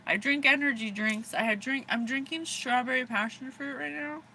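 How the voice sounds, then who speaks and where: Bubbly high-voiced American woman. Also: normal speed, vocal fry, bright, forceful tone, slight background noise. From USA. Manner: bubbly, giggly, rambling. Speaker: psychic reader. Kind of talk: casual livestream reading.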